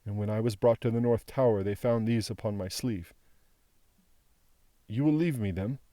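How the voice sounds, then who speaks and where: A man reading the part of a frail old former prisoner, who speaks slowly, haltingly and mournfully. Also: on the low side, mellow, no echo, clean studio sound, lightly acted. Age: older.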